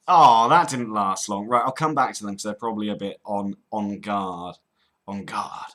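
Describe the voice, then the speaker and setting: A man's voice: on the low side, normal speed, a bit bright. A young man from near London, chatting casually to viewers between prank calls, rambling and amused with himself. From England, near London. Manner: chatty, rambling, self-amused, lots of ums. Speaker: prank-call host.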